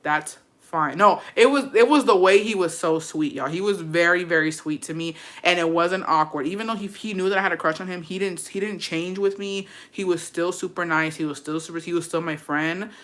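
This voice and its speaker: A young woman spills a personal story to her viewers in a bright, clear-toned voice. She is profane and chatty, with dramatic asides as she goes. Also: fairly low pitch, fairly quick, hardly any pauses. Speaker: vlogger telling a personal story. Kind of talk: casual storytelling.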